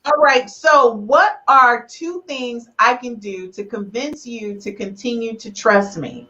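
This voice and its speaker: A woman's voice: on the high side, takes it slowly, sharp tone, muffled recording, soft background music. A woman hosting a live relationship podcast, teasing her guests and getting emotional. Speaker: podcast host.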